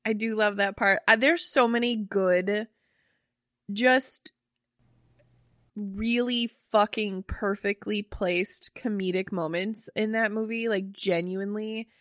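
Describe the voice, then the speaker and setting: A woman's voice: mid-range voice, steady tone, slow, fairly bright tone, no echo. Young woman co-host, loose chatty delivery with casual swearing, dead-dry recording. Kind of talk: casual chat.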